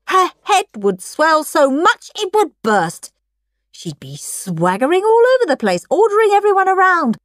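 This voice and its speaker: A woman reads a bedtime story aloud with dramatic, expressive delivery. Her voice sits a little high and swings widely in pitch, and she takes her time over each line. Faint music plays underneath on a dry recording. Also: no room sound. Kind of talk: scripted bedtime story narration.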